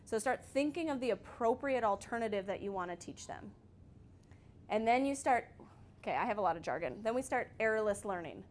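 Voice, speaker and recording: A woman presenting a casual parenting workshop to a group in a church meeting room, chatty and quick to laugh, often checking in with the audience. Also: a little high, animated, darkish tone, a little hiss or hum.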